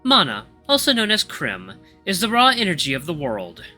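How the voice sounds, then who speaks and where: A man voicing a young male wolf grandmaster who lectures in a calm, monotone way. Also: high-pitched, normal speed, soft background music, voice pushed up, heavily acted. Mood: lecturing.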